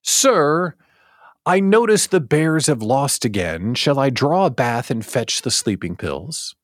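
A man's voice: medium pitch, very animated, takes it slowly, no room sound. A man voicing a polite, formal male butler with a dry, sarcastic edge. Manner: formal, deferential.

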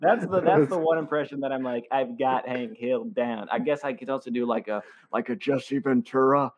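A man's voice: medium pitch, brisk, a little mellow. Rambling, self-deprecating male comedian. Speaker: guest comedian. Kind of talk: casual podcast chat.

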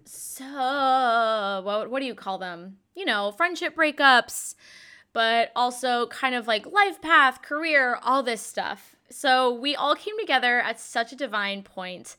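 A woman's voice: a little high, slow pace, pushed and bright, clear, resonant tone. A young woman hosting a podcast, telling a personal story in a chatty way full of "like" fillers. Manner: chatty, frequent "like" fillers, yawns and laughs. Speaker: podcast host. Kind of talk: casual storytelling monologue.

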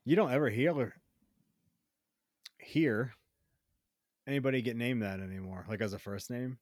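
A man's voice: mid-range voice, unhurried, a little mellow, no room sound, clean studio sound. A man co-hosting a live stream, chatting casually and asking his friends rambling, curious questions. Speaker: stream co-host. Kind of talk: casual chat.

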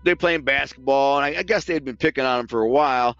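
Streetwise man telling rough stories, dull sound. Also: mid-range voice, quick pace, a bit bright. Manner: streetwise, profane, re-enacts quoted speech. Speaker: guest recounting his past. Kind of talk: casual storytelling.

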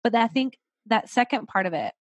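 A woman's voice: fairly high pitch, expressive, fairly quick, dry recording. A woman guest on a podcast, talking in an earnest, encouraging way and repeating phrases for emphasis. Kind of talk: casual conversation.

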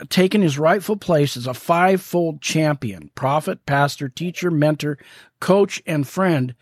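A man with a slightly higher voice hosts a faith podcast, talking with eager warmth and plenty of fillers. The sound is dry and close, with no room echo. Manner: enthusiastic, rambling with fillers. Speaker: podcast host. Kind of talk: casual faith podcast chat.

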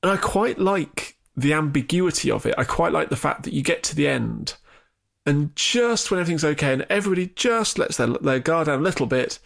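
A man chatting casually about films as a co-host, relaxed and wry. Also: a little high, fairly quick, gravelly. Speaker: film podcast co-host.

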